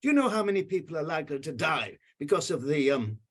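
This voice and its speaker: A man's voice: a little high, very animated, fast, husky. An older man on a video call giving emotional, indignant remarks with emphatic repetition. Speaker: panel commenter.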